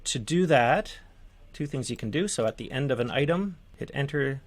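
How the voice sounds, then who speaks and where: A man teaching manuscript formatting in a relaxed, conversational screen-share tutorial, with fillers and restarts. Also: medium pitch, moderate pace.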